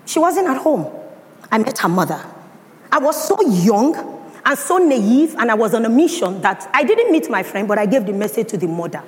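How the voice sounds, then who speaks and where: A woman's voice: a little high, sing-song, normal speed. A woman with a Nigerian accent giving a motivational talk and telling a personal story with dramatic emphasis. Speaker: speaker. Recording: echoey hall, faint ambience.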